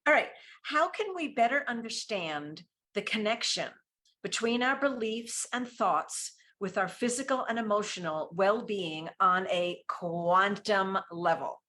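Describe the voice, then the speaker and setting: A woman's voice: medium pitch, lively intonation, a little slow, bright, forceful tone. A woman hosting a webinar, upbeat and gushing as she introduces the speakers. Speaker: webinar host. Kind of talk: hosting, enthusiastic moderation.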